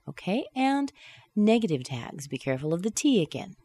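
A woman teaching English pronunciation, modelling short question tags slowly and with clear, exaggerated intonation in a close, dry recording. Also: fairly low pitch, big pitch swings, mellow, dry recording. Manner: carefully enunciated model phrases with exaggerated intonation. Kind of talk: slow, deliberate pronunciation drill.

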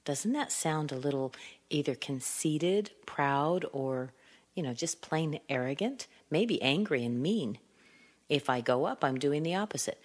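A woman from California, an accent trainer teaching English pronunciation with a clear, deliberate delivery, showing each point with her own voice. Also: low voice, animated, big-room sound.

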